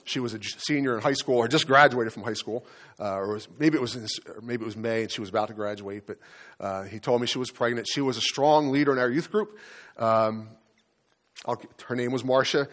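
A man preaching a sermon as pastor, telling a personal story in an earnest, halting way with frequent restarts. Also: mid-range voice. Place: church.

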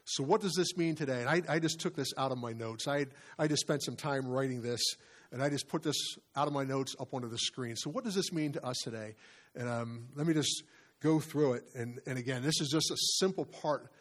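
A man's voice: medium pitch, brisk. A male pastor preaching a conversational sermon, full of asides and restarts as he reads from scripture and his notes.

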